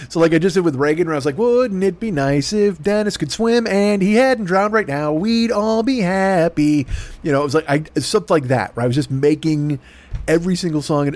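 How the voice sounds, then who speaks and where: A middle-aged man telling a long, profane, self-deprecating story in a rambling podcast monologue. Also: fairly high pitch. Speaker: podcast host.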